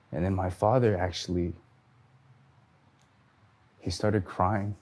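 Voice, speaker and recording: This is a man with a very low voice telling his own story. He talks earnestly and gives the people in his story their own lines. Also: fairly even intonation, slow pace, pauses often, a little mellow. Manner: earnest storytelling, acting out dialogue. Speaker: testimony speaker. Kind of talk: personal testimony.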